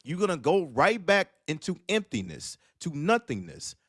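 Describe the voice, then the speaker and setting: A man's voice: a little high, big pitch swings, normal speed, fairly bright tone, husky, dry recording, clean studio sound. A man on an online talk panel, ranting in a casual, emphatic and repetitive way and acting out the voices in his stories. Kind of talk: casual commentary rant.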